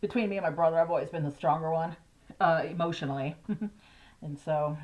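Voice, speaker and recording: A woman's voice: deep voice, fairly quick, a little mellow. A middle-aged woman vlogging casually about her grief, rambling and hesitant, with nervous laughs. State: grieving. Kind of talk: casual personal vlog. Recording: slightly dull lo-fi audio.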